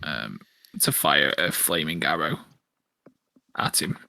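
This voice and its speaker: Hesitant man with a lively, bright voice. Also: extremely low pitch, gravelly, no echo. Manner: hesitant, halting, full of ums and restarts. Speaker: player. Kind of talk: casual chat during a tabletop game.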